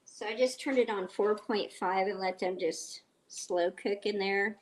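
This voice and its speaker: A middle-aged woman live streams casually while cooking, chatting with viewers and telling rambling stories. Her mid-range voice is stuffy and comes at a measured pace, and she blows her nose. There is slight background noise.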